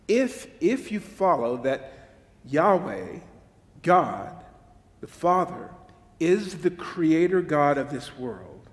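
A man delivers a sermon at an unhurried pace, his slightly high voice stressing words and often repeating them. He breaks off with quick asides to his listeners. His voice rings through a hall with long reverb. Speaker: preacher.

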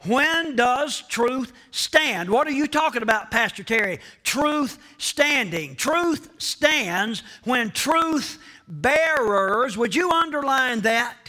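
A man preaching a sermon as pastor, slow and emphatic, repeating key phrases and speaking straight to the congregation. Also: very high voice, pushed and bright. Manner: addresses the congregation directly.

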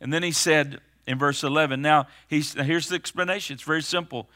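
A man's voice: on the high side, steady tone, fairly quick, bright, forceful tone. A man preaching a sermon, reading scripture aloud and explaining it, rising to urgent, emphatic calls. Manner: builds to urgent, raised emphasis; reads scripture aloud between plain explanation.

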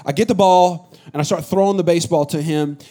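A middle-aged man from the Bay Area preaching a sermon as pastor, animated and joking with his congregation. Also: on the high side, a little fast. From San Francisco Bay Area. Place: church hall with a congregation.

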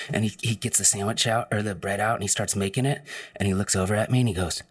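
A man's voice: fairly low pitch, fairly even intonation, fast talker. A man telling a personal story in casual storytelling style, rambling, with frequent fillers and restarts.

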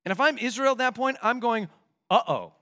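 A man's voice: extremely high pitch, fast talker, sharp tone. A man preaching an expository sermon as a pastor, emphatic and full of rhetorical questions.

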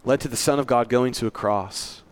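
A man's voice: mid-range voice, moderate pace, smooth. A male pastor giving a sermon in a church, earnest and conversational, with self-deprecating asides.

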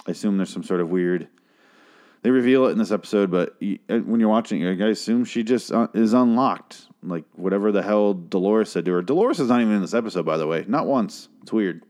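This podcast host, reviewing a TV series, has a fairly low, slightly mellow voice with lively intonation and a brisk pace. His talk is loose and rambling, packed with profanity and fillers.

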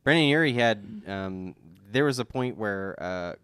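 A man's voice: on the low side, lively intonation, a little slow, a bit bright, smooth, no echo, studio quality. A man in casual conversation as a podcast co-host, enthusiastic and sweary, often restarting his sentences. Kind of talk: casual chat.

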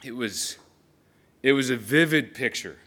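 A man preaching in character as an earnest young follower of Jesus, telling a first-person biblical monologue in an animated storytelling manner, speaking straight to his listeners. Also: mid-range voice, a little slow. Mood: sobering.

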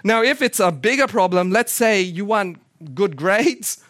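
A man's voice: sits high, expressive, a little slow, a bit bright, no room sound. A young man giving a casual, story-driven sermon to a church, chatty and self-mocking, often asking the congregation questions. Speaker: church speaker.

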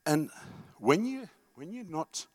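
A man's voice: on the high side, very animated, takes it slowly, a little mellow. A middle-aged man, a pastor, preaching to a church meeting in an emphatic, conversational way, often repeating words and asking the room questions. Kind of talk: sermon teaching.

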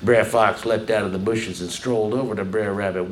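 A man's voice: lowish voice, fairly even intonation, moderate pace, few pauses, slight background noise. A man narrating a satirical folktale with a theatrical, drawling storyteller delivery. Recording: echoey room.

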